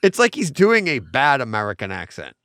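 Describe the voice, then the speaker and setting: A man's voice: medium pitch, huge pitch swings, brisk, bright, forceful tone, smooth, dry recording. Talkative male podcast co-host, jokey, recorded dry and close. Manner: chatty, laughing asides. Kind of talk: casual chat.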